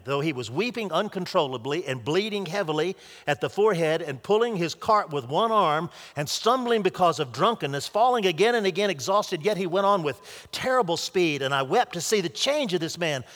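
A man's voice: fairly high pitch, fairly bright tone. Earnest male preacher, echoing hall. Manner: earnest retelling with small restarts. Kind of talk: sermon storytelling. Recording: long hall reverb.

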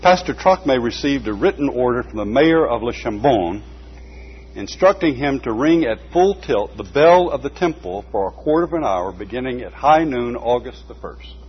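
A man reading a book aloud at a measured pace, stopping now and then for short asides. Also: mid-range voice, lively intonation, husky. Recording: dull lo-fi recording with faint hum.

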